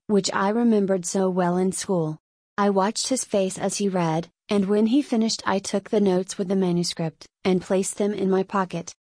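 A woman narrating a dark literary tale in the first person, giving a dramatic reading. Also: medium pitch, no echo. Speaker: audiobook narrator.

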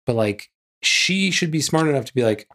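A man's voice: medium pitch, expressive, moderate pace, a bit bright. A man co-hosting a casual podcast, rambling through a film and a science story. His talk is loose and chatty, full of "like" and "yeah" and little jokes. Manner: chatty, lots of "like" and "yeah", jokey asides. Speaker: podcast co-host. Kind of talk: casual chat.

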